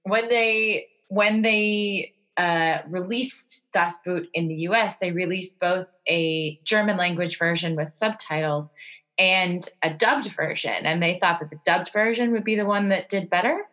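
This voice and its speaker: A woman co-hosting a podcast in casual chat, talkative and quick to laugh, given to rambling asides. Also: fairly low pitch, a bit bright, low-quality recording. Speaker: podcast co-host.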